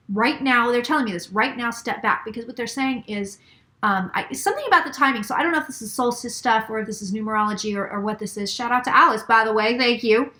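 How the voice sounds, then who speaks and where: A woman's voice: on the high side, fast, pushed and bright. A middle-aged woman giving a channeled psychic reading, relaying messages in repeated phrases and sometimes dropping to a whisper. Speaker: psychic reader.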